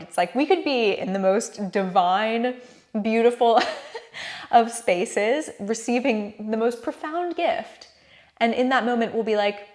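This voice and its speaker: A young woman telling a personal story to camera in a casual, earnest, reflective way, laughing often. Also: mid-range voice. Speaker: vlogger sharing a personal story.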